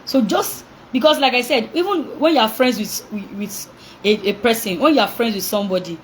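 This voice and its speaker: A young woman coaching parents in an animated talk, acting out reactions, laughing often and asking call-and-response questions. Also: on the high side, fairly quick, slight background noise, low-quality recording.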